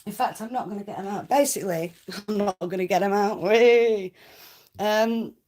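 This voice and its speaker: A woman's voice: mid-range voice, brisk, darkish tone. A woman hosting a casual livestream, chatting cheekily with viewers and laughing often. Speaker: livestream host.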